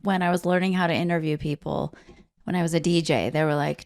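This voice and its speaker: Gravelly, hesitant woman guest. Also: low-pitched, steady tone, fast talker, darkish tone, no room sound, clean studio sound. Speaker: podcast guest. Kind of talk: casual podcast chat.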